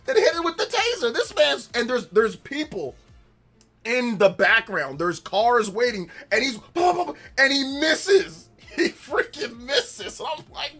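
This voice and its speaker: Animated man streaming, laughing often. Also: sits high, normal speed, faint music behind. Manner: animated storytelling, laughs often, acts out quotes loudly. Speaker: gaming livestream host. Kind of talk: casual livestream chat.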